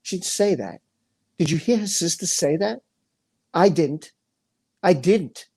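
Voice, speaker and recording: A man's voice: sits high, animated, slow pace, darkish tone, slightly rough. A man hosting a livestream, ranting with anger and emotion, repeating phrases and reading chat comments aloud. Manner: angry, impassioned, repeats phrases. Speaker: livestream host.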